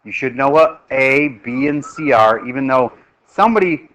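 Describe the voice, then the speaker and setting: A middle-aged man teaching a math class, lively and joking as he quizzes his students. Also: mid-range voice, moderate pace, lo-fi sound.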